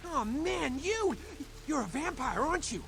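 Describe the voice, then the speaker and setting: An actor playing an overeager young male ghoul in a video game, talking in a breathless, stammering rush of excitement. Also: very high-pitched, unhurried, vocal fry, noisy background, exaggerated voice. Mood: excited.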